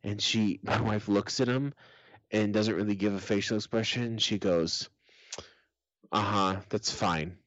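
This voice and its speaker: A man's voice: fairly low pitch, steady tone, normal speed, no room sound, lo-fi sound. A middle-aged man on a podcast, telling family stories in casual chat, swearing often and laughing as he goes. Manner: profane, laughing storyteller. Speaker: podcast co-host.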